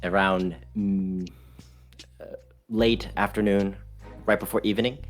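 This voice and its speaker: A young man narrating as game master of a tabletop game, relaxed and halting with many fillers. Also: fairly low pitch, faint music behind.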